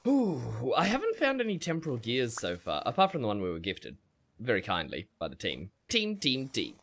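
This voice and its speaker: A man with a mid-range voice talks briskly while streaming a survival game. He chats with viewers through the chat, narrates his fights, talks to himself and laughs often in an animated way.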